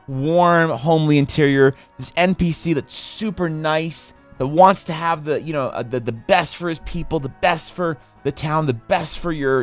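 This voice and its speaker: A man streaming, chatting casually while he draws, in a rambling, profane, animated way. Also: fairly high pitch.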